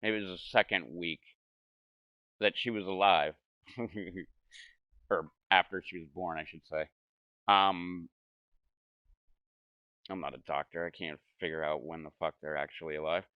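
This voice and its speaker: A man's voice: low-pitched, measured pace, pauses often, clear, resonant tone, no room sound, muffled recording. A young man casually telling a rambling, profane story over gameplay, laughing and mimicking the people he quotes.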